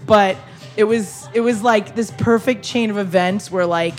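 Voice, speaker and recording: Young female host, casual storyteller, acts out the other people in the story, mid pitch, soft music bed. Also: measured pace. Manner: animated storyteller, acts out customers' lines. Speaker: podcast host, former waitress.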